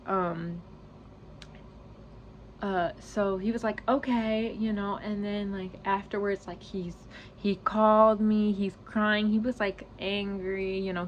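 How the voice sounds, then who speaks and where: A woman's voice: medium pitch, highs cut off, slight background noise. A young woman telling a personal story to her channel, rambling and filling every gap with "like" and "you know", close to tears. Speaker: vlogger. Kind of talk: storytime vlog.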